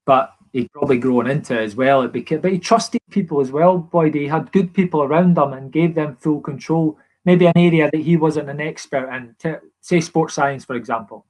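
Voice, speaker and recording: A man's voice: a little high, moderate pace, few pauses, a little mellow. A man with a Scottish accent, a former footballer as podcast guest, telling stories earnestly with many restarts. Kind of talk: casual podcast chat.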